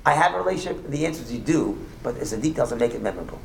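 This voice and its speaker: A man teaching a Torah class as rabbi, rattling through points with jokes and restarts. His fairly high voice swings widely and turns gravelly, and the room around him echoes. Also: a little hiss or hum. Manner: animated, rapid, joking, with many restarts. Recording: echoey room with faint ambience.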